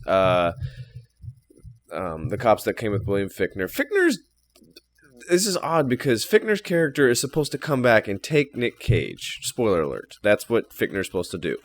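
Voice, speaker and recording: A man co-hosting a podcast, chatting casually about a film, retelling scenes with animated, swearing delivery. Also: on the low side, moderate pace. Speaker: podcast co-host. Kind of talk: casual film review chat.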